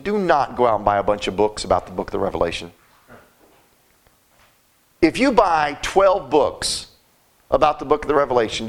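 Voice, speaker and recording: High-voiced man preaching a folksy sermon. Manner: folksy, emphatic, repeats words.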